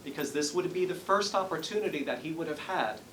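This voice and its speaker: A man's voice: a little high, animated, a little fast, a bit bright, distant mic, slight background noise, low-quality recording. A man working as a psychic medium, giving a live reading in a salon and politely apologizing as he relays messages. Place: hair salon, indoors.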